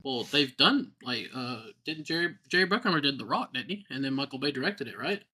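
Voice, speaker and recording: A man hosting a casual movie podcast, talking in quick animated bursts and laughing often. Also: mid-range voice. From American South. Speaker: podcast host.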